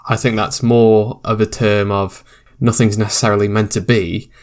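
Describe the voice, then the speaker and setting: A man's voice: fairly low pitch, little pitch movement, normal speed. A man hosting a podcast interview, reflecting aloud in a casual, thoughtful way. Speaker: podcast host.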